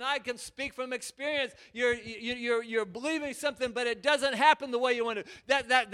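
A man preaches a fervent sermon in a very high, bright voice. His delivery is clear and ringing, and he presses his point by repeating and restarting his words. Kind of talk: impassioned sermon. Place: church.

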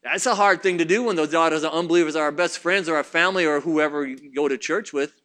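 A man's voice: on the high side, fast talker, fairly bright tone. A man preaching a sermon, fervent and repetitive, talking straight to his congregation.

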